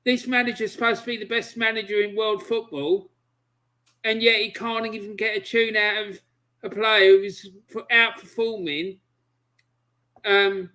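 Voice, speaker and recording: Man, high bright voice, fuming, emphatic, video call. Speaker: fan guest on call. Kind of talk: heated football fan rant.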